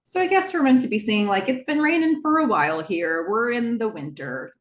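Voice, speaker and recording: A woman's voice: fairly high pitch, expressive, brisk, roomy sound. A woman hosting a podcast, recapping a TV episode in a casual, chatty way with lots of fillers and asides. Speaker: podcast host.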